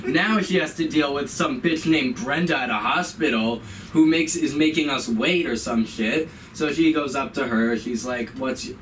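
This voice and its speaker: A man's voice: moderate pace, hardly any pauses, fairly bright tone, slight background noise. Young man telling a stand-up story. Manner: storytelling, acts out his mother in a higher voice. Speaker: stand-up comedian. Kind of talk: stand-up comedy set. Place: comedy club stage. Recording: live open mic, room mic from a distance.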